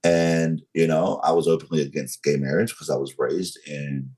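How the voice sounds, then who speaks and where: A man in his forties from North Carolina with a Southern accent, telling his story as a podcast guest in a slow, controlled way. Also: extremely low pitch, steady tone, darkish tone. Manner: slow, controlled, deliberate delivery.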